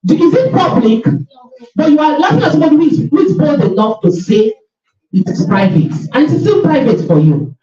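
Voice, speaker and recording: A woman's voice: high-pitched, sing-song, warm tone. Woman coach teaching a class, voice swings up and down a lot, echoey and kinda muffled, mic far off. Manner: questioning, drawn-out emphasis. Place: school classroom.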